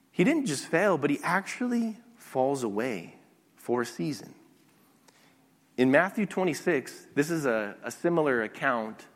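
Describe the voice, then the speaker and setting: A man preaching a sermon as a pastor, teaching lively with occasional restarts. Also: medium pitch, long reverb tail. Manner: animated preaching with some restarts.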